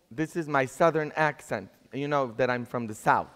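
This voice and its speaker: A man's voice: mid-range voice, moderate pace, fairly bright tone. A man with a Polish accent, a pastor preaching a sermon in a church and earnestly asking the congregation questions. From Poland. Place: large church. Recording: long church hall reverb.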